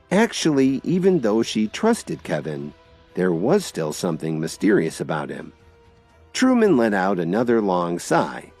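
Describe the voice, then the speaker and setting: A man narrating an audiobook drama in a dramatic, expressive style. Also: low voice, breathy edge.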